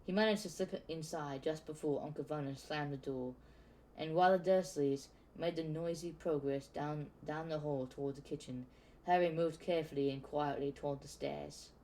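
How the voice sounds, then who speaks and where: Dark-voiced man casually reading aloud. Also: fairly high pitch, steady tone, normal speed, poor audio. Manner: stumbles and restarts words, reads on unfazed. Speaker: audiobook reader. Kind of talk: casual amateur book reading.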